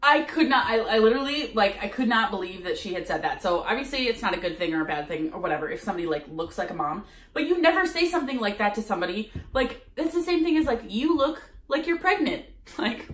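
Animated woman telling a story. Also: medium pitch, fast talker, reverberant. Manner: animated, acts out quoted lines. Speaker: sales coach. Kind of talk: casual storytelling vlog. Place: home office.

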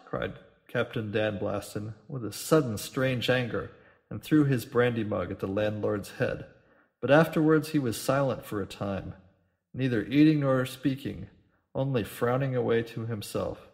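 A man reading a classic adventure story aloud as audiobook narrator, in a measured storytelling manner. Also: on the low side, gravelly, a little mellow.

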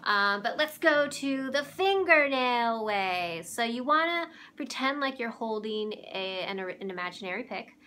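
A young woman giving a relaxed, chatty ukulele lesson, often pausing to search for words. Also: on the high side, slight background noise. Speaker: ukulele teacher. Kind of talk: casual instrument tutorial. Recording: clear ukulele playing behind the voice.

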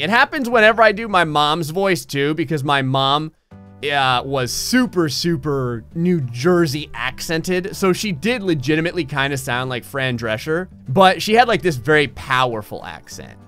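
A young man hosting casual gameplay commentary, telling rambling, animated stories while he plays. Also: fairly high pitch. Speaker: gaming channel host.

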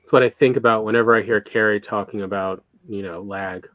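A man's voice: on the low side, fairly even intonation, a little fast, dry recording. Male streamer, casual rambling chat, slightly muffled dry mic. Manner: rambling, trails off mid-thought.

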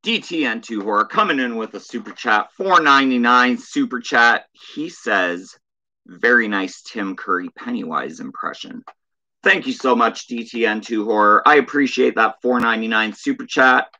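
A man hosting a casual live stream, reading viewer chat messages aloud in a flat drawl. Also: medium pitch, normal speed.

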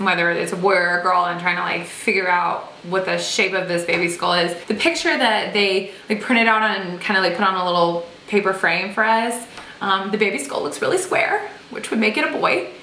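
A woman's voice: on the low side, steady tone, normal speed, sharp tone. A young woman chatting and joking as she vlogs to her camera at home. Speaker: vlogger. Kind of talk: casual pregnancy vlog to camera. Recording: echoey room with faint hiss.

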